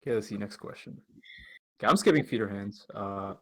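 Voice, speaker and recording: A young man co-hosting a casual podcast over an online call, reading out listener questions in a relaxed, joking manner with plenty of slang. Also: on the low side, a little fast, low-quality recording. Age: young adult. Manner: laid-back, jokey, slangy. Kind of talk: casual chat.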